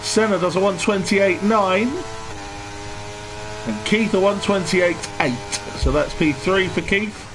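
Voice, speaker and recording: A man giving relaxed live commentary on an online race and greeting viewers in the chat. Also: high voice, slow pace. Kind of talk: live sim-racing commentary. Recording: noisy stream with engine sound behind.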